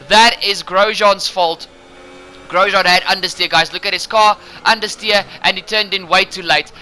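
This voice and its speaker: Excitable man calling a racing game. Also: high voice, a little hiss or hum. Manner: excitable, talks to viewers as "guys". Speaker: gaming channel host. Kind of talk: playthrough commentary on a racing game.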